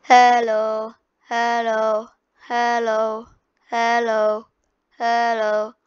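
A woman walks through a screen-recorded tutorial at an unhurried, slow pace. Her pitch sits mid-range, and her delivery is loose and chatty, full of fillers and restarts. She is recorded on her computer's microphone. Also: fairly bright tone, dry recording, muffled recording. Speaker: tutorial host.

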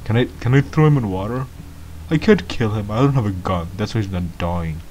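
A man giving excitable, baffled gameplay commentary as a first-time gamer, laughing often. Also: fairly low pitch, fairly quick, muffled recording, a little hiss or hum.

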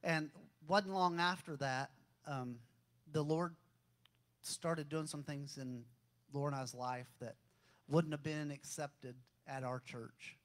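A middle-aged pastor preaching his own story in a plain, folksy way. His voice sits fairly high for a man, and he pushes into fervent, raised calls to his congregation. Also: steady tone, takes it slowly, fairly bright tone. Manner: folksy testimony, builds to fervent raised exhortation. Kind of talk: sermon.

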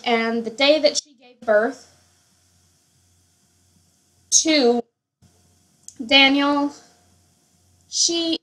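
Rambling young woman, slow chatty talk. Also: high-pitched, fairly bright tone, poor audio. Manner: chatty, rambling with many fillers and self-corrections. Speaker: Sims player. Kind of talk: casual gameplay commentary.

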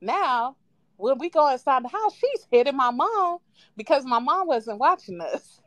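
A woman calling in to a live show, casually telling a childhood story with lively quoted voices and frequent laughs. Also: sits high, a little slow, dry recording. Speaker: caller. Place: at home on a live call. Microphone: phone.

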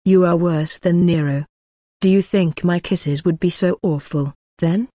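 A woman's voice: on the low side, fairly even intonation, unhurried, warm tone, dry recording, studio quality. A woman reading the lines of a playful young woman, teasing and pouting, in an audiobook.

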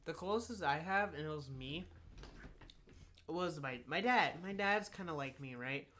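A young man co-hosting a casual podcast, relaxed and joking, sometimes tripping over his words. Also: fairly high pitch, measured pace. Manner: relaxed, joking, a little tongue-tied. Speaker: podcast co-host. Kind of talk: casual chat. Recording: faint background noise.

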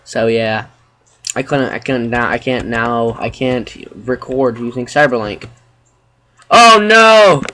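A man giving casual gameplay commentary, chatting to viewers with sudden loud exclamations and sarcastic asides. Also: medium pitch, flat delivery, unhurried, slight background noise. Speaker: let's play gamer.

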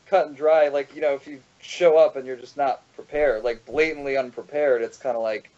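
A man, a drummer being interviewed, speaking haltingly with many fillers in casual chat. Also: mid-range voice, steady tone, darkish tone. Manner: halting, full of "like" and "you know". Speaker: drummer, guest. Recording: muffled lo-fi podcast recording.

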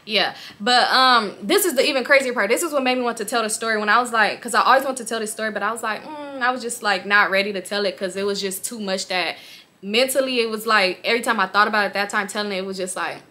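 A young woman from the Los Angeles area telling a story to her viewers, animated, slangy and profane, speaking straight to them. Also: medium pitch, quick pace. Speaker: storytime vlogger.

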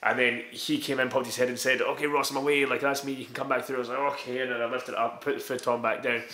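A young man and karate student telling a laughing, animated story in casual chat, with a lot of swearing. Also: mid-range voice, fast. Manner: laughing, animated anecdote with profanity. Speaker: podcast co-host, karate student. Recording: roomy echo.

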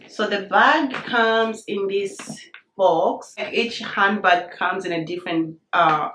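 Bubbly woman vlogger, a little hoarse from a cold, chatty and excited, recorded in an echoey room. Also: mid-range voice, slow. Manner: bubbly, excited, says "you guys" often. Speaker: vlogger reviewing a handbag. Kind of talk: casual chatty unboxing vlog.

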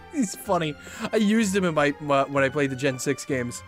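Lively chatty man playing a game. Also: fairly high pitch, moderate pace, faint music behind. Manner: chatty, swings from mumbling to excited outbursts. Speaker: gaming video host. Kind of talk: casual let's-play commentary.

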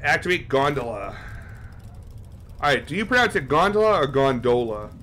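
A man's voice: on the high side, sing-song, moderate pace, bright, forceful tone. A man live-streaming a horror game, talking casually and swearing as he chats with his viewers. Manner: casual and profane, chatting with viewers.

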